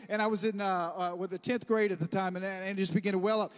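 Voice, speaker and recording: A man, preaching a sermon as pastor and telling stories in an animated way, calling the congregation for amens. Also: high voice, fast talker, few pauses. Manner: animated storytelling, bursts of loud laughter; preacher who calls for amens. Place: church sanctuary. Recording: long church-hall reverb.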